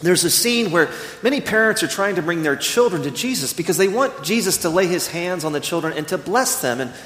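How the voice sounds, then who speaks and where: A man in his thirties preaching a sermon, earnest and storytelling, slowing down when he reads scripture. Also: high voice, animated, fairly bright tone. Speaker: pastor. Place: church sanctuary. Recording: echoey church hall.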